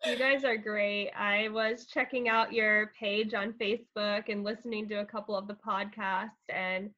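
A woman's voice: mid-range voice, steady tone, moderate pace, sharp tone. A woman school counselor as a podcast guest, earnest and explaining things step by step with fillers. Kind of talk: casual podcast interview. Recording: slightly dull, lo-fi sound.

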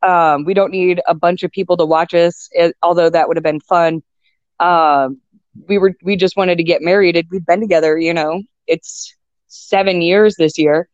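A woman's voice: lowish voice, steady tone, normal speed, no echo. A young adult woman in casual chat as a guest, rambling with fillers and restarts. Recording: dull lo-fi sound.

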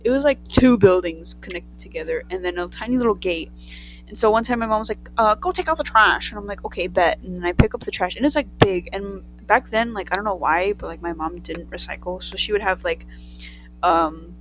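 A young woman from Southern California telling a crude, profane, animated story in casual chat among friends. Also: medium pitch, fairly quick, faint music behind, low-quality recording.

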